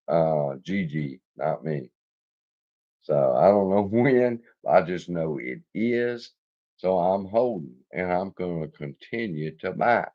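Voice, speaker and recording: Male host, lower voice, loose profane storyteller who laughs a lot; muffled lo-fi sound. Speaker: investing channel host. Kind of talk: casual storytelling livestream.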